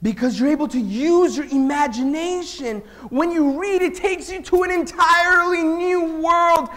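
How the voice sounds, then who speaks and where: A man telling a story to children and asking them questions, swinging between loud and hushed. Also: very high-pitched, normal speed. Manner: engages the audience with questions. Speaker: speaker at a children's event.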